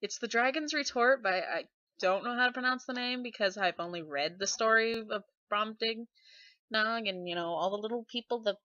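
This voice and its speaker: A woman's voice: a little high, moderate pace, pushed and bright, no room sound. Scottish woman rambling into a webcam. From Scotland. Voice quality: voice others mistake for a man's. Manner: chatty, self-deprecating, sarcastic asides. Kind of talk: casual webcam vlog, rambling. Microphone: webcam mic. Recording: dull dry webcam audio.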